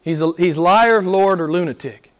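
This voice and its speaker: Male pastor, middle-aged, high-pitched, emphatic sermon delivery. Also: normal speed. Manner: emphatic preaching with lists and scripture readings.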